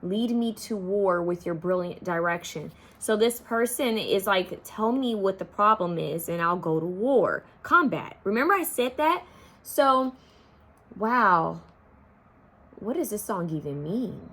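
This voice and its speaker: A woman's voice: mid-range voice, expressive, measured pace, a bit bright. A young woman talks straight to her viewers through a tarot reading. Her voice sits in a middle range, and she chats loosely, drifting now and then into half-sung song lyrics. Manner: chatty, addresses viewers as y'all, half-sings song lyrics. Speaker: tarot card reader. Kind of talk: intuitive pick-a-card reading.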